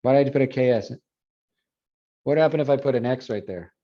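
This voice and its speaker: A man teaching a phonetics class review, explaining and repeating words slowly to model pronunciation. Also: medium pitch. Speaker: Spanish phonetics instructor. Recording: dull lo-fi classroom recording.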